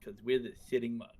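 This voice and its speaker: A man serving as game master for a streamed tabletop game, with a gravelly, fry-tinged voice. He talks in a relaxed, halting way and fills gaps with "uh" and "um.". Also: medium pitch.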